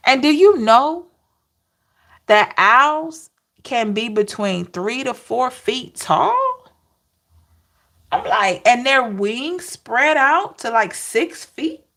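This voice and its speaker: An unhurried woman chats with her livestream viewers, laughing often and calling out names from the chat. She talks like a tarot reader sharing stories, loose and conversational. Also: on the high side, sing-song, fairly bright tone. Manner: laughing, chatty, addresses chat by name.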